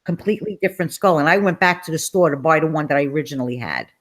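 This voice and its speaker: Animated middle-aged woman telling a story. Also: low-pitched, very fast. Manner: animated, acts out quoted voices. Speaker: guest telling a personal story. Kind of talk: casual storytelling interview.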